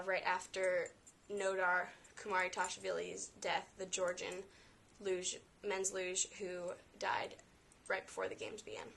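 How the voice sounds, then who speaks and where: A woman's voice: medium pitch, a bit bright. A young woman vlogging casually, showing off her collection in a chatty, enthusiastic way with playful asides. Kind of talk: casual show-and-tell vlog.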